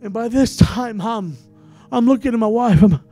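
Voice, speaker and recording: A man preaching a sermon as a pastor, giving an emotional testimony that moves from hushed tones to loud cries. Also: extremely high pitch, moderate pace, soft background music.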